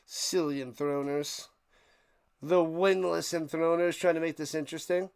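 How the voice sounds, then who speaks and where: A man hosts a live stream and calls an American football game play by play, tossing in joking, rambling asides. His fairly high voice is steady, clear, resonant and slightly mellow, with vocal fry, at a normal speed.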